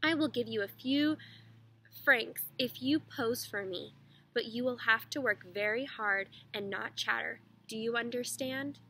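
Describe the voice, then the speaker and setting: A woman reading aloud, voicing an irritable, nearly blind old male painter with a gruff, curt manner. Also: extremely high pitch, unhurried, a little hiss or hum, heavily acted, poor audio. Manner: gruff, curt, then softening.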